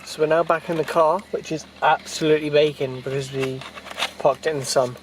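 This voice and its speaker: A man chatting casually into a handheld camera for a vlog, relaxed and recommending a park. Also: a little high, brisk, very noisy. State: a little out of breath. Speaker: vlogger. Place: hilly park path, then a parked car.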